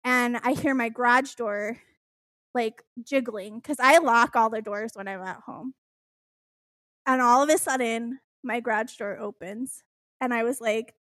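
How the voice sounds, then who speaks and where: In a close, dry recording, a young woman with a fairly high voice tells a story in casual podcast chat. She's unhurried yet animated and expressive, swearing freely and laughing throughout.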